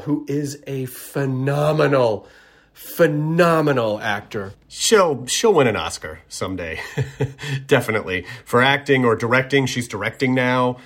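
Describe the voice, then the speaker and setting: A middle-aged man from Tennessee chats loosely as a podcast host. He rambles, restarts his sentences and pokes fun at himself, and his voice sits at an average pitch. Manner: rambling, self-deprecating, with frequent restarts. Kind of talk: casual chat.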